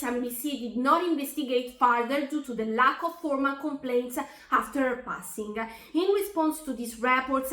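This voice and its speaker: A woman's voice: high-pitched, pushed and bright, reverberant. A woman narrating a true story in a scripted way, reading out text messages with earnest indignation.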